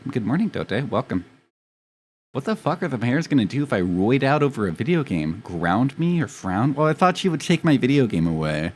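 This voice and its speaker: A man's voice: mid-range voice, sing-song, normal speed, darkish tone. A young man chatting casually with his live stream audience, telling rambling, profane, self-mocking stories.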